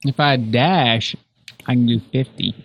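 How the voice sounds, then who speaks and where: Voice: medium pitch, unhurried, dry recording. A player in a tabletop game, teasing the game master with playful confidence. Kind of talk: casual tabletop banter.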